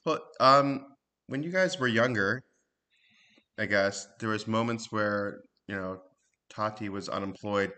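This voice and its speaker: A man interviewing his mother, gently prompting her with hesitant questions. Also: fairly low pitch, measured pace. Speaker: interviewer, her adult child. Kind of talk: casual conversation.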